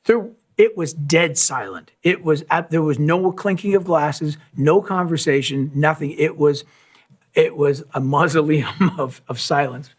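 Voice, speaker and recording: At a live session, a musician spins a long anecdote, performing the quoted lines and sound effects as he goes. His voice is a little high and his delivery unhurried, like an animated storyteller.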